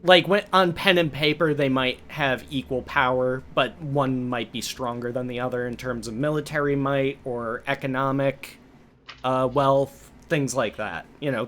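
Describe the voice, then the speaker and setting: A man's voice: mid-range voice, fairly bright tone, a little hiss or hum. A man running a tabletop game on a live stream, explaining lore in a loose way with many fillers. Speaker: game master.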